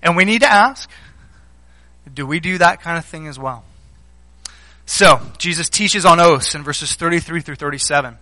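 A male pastor delivers a sermon, telling stories and posing questions straight to the congregation. His voice sits high for a man and has a bright, forward ring. The sound is close and dry. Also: normal speed, long pauses, no echo, rough recording. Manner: conversational storytelling with rhetorical questions.

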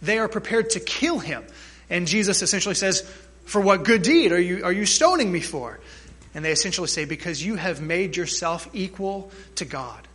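Man preaching, high pitch, bright and forceful, emphatic, rhetorical questions to the church. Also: animated, normal speed, husky. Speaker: pastor. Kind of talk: sermon.

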